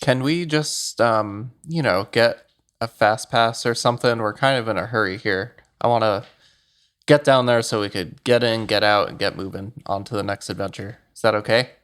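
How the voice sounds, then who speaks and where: A man's voice: fairly low pitch, normal speed, fairly bright tone, clean tone. Laid-back sarcastic man playing. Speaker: player. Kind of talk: casual tabletop play.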